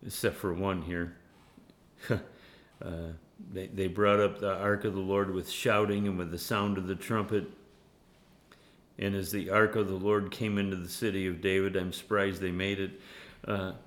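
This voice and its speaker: A man preaching a sermon in an animated way, laughing often and dropping to a hushed tone when he voices prayers. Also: sits low, unhurried, roomy sound. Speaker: pastor. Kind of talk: sermon with Bible study.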